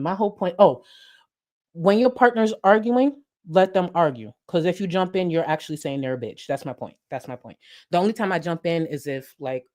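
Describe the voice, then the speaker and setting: A young woman hosting a commentary channel, telling a profane, animated story in casual chat that swings between loud and hushed. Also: low voice.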